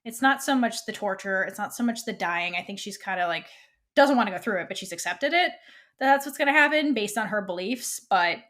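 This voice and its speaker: A woman co-hosting a fan podcast, retelling a TV episode in a casual, animated way and quoting the characters' lines. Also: mid-range voice, fairly quick. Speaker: podcast co-host.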